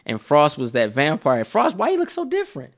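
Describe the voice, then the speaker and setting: A man hosting a casual movie review chat, telling scenes in an animated way with heavy slang. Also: on the high side, brisk. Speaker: channel host.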